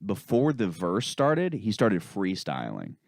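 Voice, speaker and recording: Man, comedy podcast host, lively swooping pitch, dry close sound, laughs a lot. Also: slow, gravelly, no room sound. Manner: laughs often, acts out voices in stories. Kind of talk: casual comedy podcast chat.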